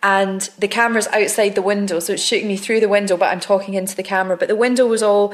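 A woman of middle pitch talks candidly about her work, circling back with restarts as she builds each anecdote. Her delivery is loose and conversational. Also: fairly even intonation, fast. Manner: candid storytelling, frequent restarts. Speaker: actress, podcast guest. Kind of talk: casual conversation.

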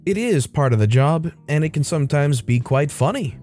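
Mellow-voiced male story narrator. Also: fairly high pitch, lively intonation, moderate pace, faint music behind. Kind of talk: scripted narration.

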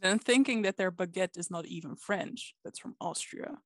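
A woman guesting on a podcast, chatting casually in a matter-of-fact, slightly halting way. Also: mid-range voice, no echo.

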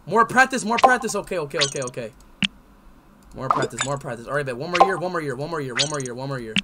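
A young man streaming a game live, talking to himself and his chat, swinging between loud yelling and quiet muttering. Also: medium pitch, fast talker, very noisy. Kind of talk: live gameplay commentary. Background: loud music.

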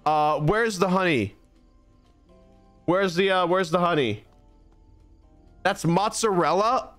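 A man's voice: high voice, takes it slowly, a bit bright, faint music behind. A young man streaming a game, talking through it in a rambling, exasperated, self-mocking way. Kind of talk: casual gameplay commentary.

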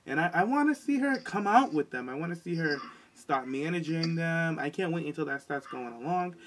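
A man co-hosting a podcast, chatting in a sassy, animated way and mocking people with quoted lines. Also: fairly high pitch, brisk, slight background noise, poor audio. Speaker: podcast co-host. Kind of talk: casual chat.

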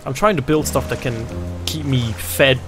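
An excitable man talks through a survival game, cracking jokes and shouting at the screen when things go wrong. His voice sits at an ordinary mid pitch, and faint game music plays underneath. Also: moderate pace. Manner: excitable, jokey, yells at the game. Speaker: gaming video host. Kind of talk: let's play commentary.

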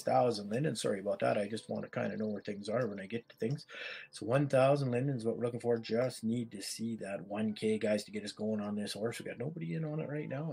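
A man's voice: lowish voice, creaky, darkish tone, breathy edge. A man with a Canadian accent, calling bids as an auctioneer in a chatty, repetitive way. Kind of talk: live virtual-world auction calling.

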